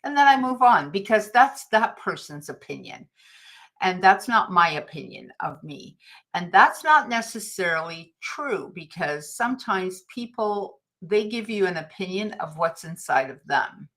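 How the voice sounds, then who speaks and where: A woman's voice: medium pitch, expressive, measured pace, fairly bright tone. A middle-aged woman hosting a livestream, talking casually and telling stories, laughing often. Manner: chatty, anecdotal, laughs often. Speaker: livestream host. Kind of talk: casual motivational talk.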